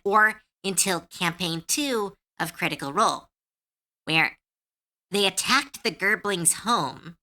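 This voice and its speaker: A woman streaming live, chatting casually, animated and opinionated, with lots of filler words and swearing. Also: on the low side. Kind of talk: casual livestream chat.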